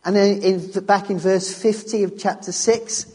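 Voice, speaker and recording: A man with a high, warm, slightly rough voice gives a sermon on scripture a little slowly, with fairly even intonation. He is emphatic, repeating key phrases as he restarts his sentences, and the large hall's long reverb surrounds him.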